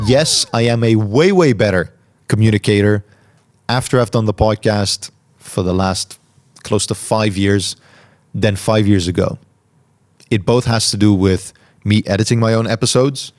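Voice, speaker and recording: A man hosting a podcast, answering listener questions in a calm, reflective way and articulating each word carefully. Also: lowish voice. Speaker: podcast host. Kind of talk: solo Q&A talk.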